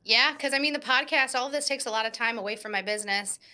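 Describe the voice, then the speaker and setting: A woman's voice: on the high side, fast, pushed and bright. A woman hosting a podcast, asking questions and musing aloud about her own work in a casual, reflective way. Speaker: podcast host. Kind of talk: casual interview chat.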